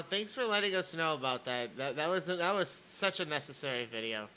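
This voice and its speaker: A man's voice: fairly high pitch, lively intonation, a little fast, bright, forceful tone, slight background noise, rough recording. A man streaming a sarcastic rant, stammering and repeating words as he comments on clips.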